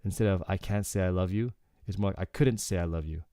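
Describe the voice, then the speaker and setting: A man with a low, mellow voice walks through a song's lyrics as a casual Korean lesson. His tone is smooth and clear, and he keeps checking in with learners as he explains. The sound is close and dry. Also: fast, dry recording. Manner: relaxed, explanatory, frequent "okay" and "like". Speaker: Korean language teacher.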